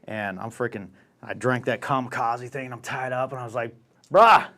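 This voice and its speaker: A man's voice: mid-range voice, brisk. Profane young man telling a wild story. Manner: profane, animated, acts out voices in anecdotes. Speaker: podcast host. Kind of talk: casual storytelling.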